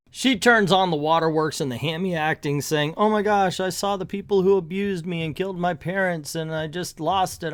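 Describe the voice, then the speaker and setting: A man's voice: fairly high pitch, a bit bright. A man chatting casually through a comic book review, making jokey asides to his viewers.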